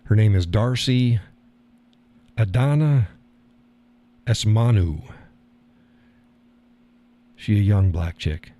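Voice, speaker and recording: Laid-back man with a low, mellow voice. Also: slow pace, pauses often. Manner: chatty, rambling, laughs at his own remarks. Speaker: live stream host. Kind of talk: casual live-stream commentary.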